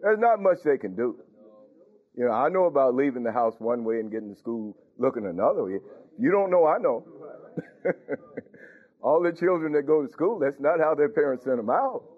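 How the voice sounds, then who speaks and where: Lively preacher on a tinny line. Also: male voice, medium pitch, normal speed. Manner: conversational, questioning the congregation, chuckling. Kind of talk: sermon. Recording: tinny phone-like recording.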